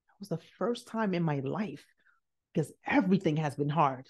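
Animated woman telling a personal story. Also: normal speed, breathy edge. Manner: animated, acts out quotes with big pitch jumps and hushed asides. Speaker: podcast host. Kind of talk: motivational storytelling.

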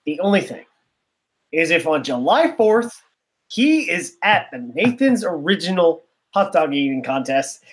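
A man's voice: high voice, a bit bright. A man co-hosting a casual podcast, rambling and opinionated with a joking edge. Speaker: podcast co-host.

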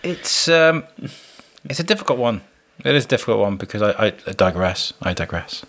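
A man's voice: medium pitch, animated, a little fast, a bit bright. A man hosting a podcast, chatting casually and rambling with lots of filler words. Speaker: podcast host. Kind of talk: casual chat and outro.

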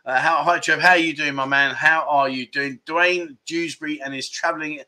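A man's voice: on the high side, fairly even intonation, normal speed, sharp tone. A man in his fifties hosting a casual livestream, chatting candidly and reading out viewer comments with frequent chuckles. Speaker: livestream host.

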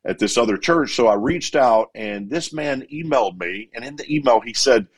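A middle-aged man, an evangelist guest in an interview, telling his story in an animated way. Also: mid-range voice, moderate pace, husky. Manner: animated, acts out quotes.

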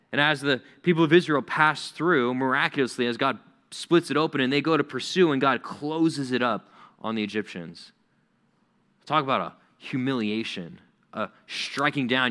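A man's voice: mid-range voice, a bit bright. A male pastor preaching a sermon in a conversational, emphatic way, repeating key words for effect.

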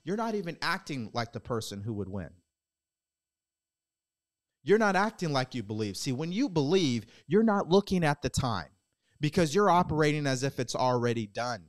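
With big pitch swings in a voice on the high side, a man runs his own podcast at a moderate pace. His monologue is blunt, preachy and motivational, laced with casual swearing and repeated rhetorical questions aimed at listeners.

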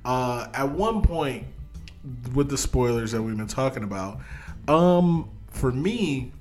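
Animated man recapping a movie. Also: medium pitch, slow pace, faint music behind. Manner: excitable, animated storytelling with profanity. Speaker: podcast co-host. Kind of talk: casual movie chat.

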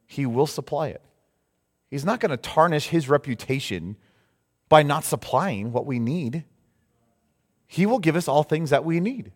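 A man preaching a sermon as pastor, lively and animated, rising into loud mock cries of alarm now and then. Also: mid-range voice. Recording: long hall reverb.

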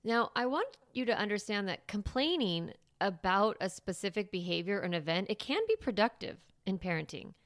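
A woman's voice: medium pitch, lively intonation, moderate pace, few pauses, fairly bright tone, no room sound. A woman hosting a parenting podcast, talking casually with lots of fillers and restarts. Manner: chatty, many fillers and restarts. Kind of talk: casual advice monologue.

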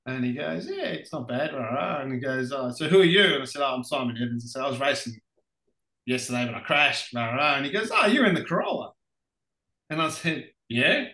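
Aussie bloke spinning racing yarns, bright forceful voice, echoey room, laughs a lot. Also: male voice, medium pitch, brisk. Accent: Australian. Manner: animated anecdotes, laughs often. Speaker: podcast guest, racing driver. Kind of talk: casual storytelling interview.

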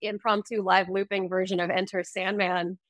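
A woman's voice: mid-range voice, normal speed, no room sound, studio quality. A woman musician, a podcast guest, telling stories in casual chat with many fillers, heard over a remote call. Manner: animated storyteller, many "like" fillers.

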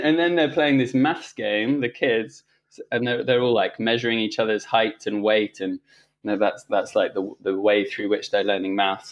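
A man with a fairly low voice speaks as an interview guest, recalling events in a relaxed, meandering way. He often restarts his sentences and pads them with fillers. He sounds middle-aged and unscripted. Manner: rambling, frequent restarts and fillers, laughs while telling stories. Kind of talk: casual storytelling conversation.

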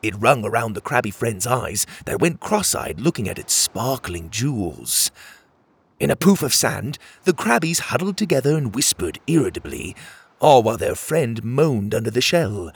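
A man's voice: mid-range voice, moderate pace, vocal fry, breathy edge, no echo. A man narrating a children's storybook and voicing its characters. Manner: animated, does voices for each character.

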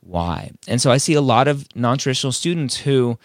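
A man's voice: medium pitch, animated, a little fast, no echo, studio quality. Emphatic man firing rhetorical questions. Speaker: podcast host and admissions advisor. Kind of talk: casual advice talk.

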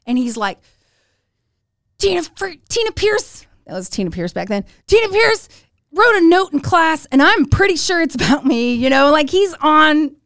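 A middle-aged woman hosting a podcast and telling a story, animated and giggly, acting out the lines she quotes. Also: high voice, moderate pace, no echo, studio quality. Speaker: podcast host. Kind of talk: casual storytelling chat.

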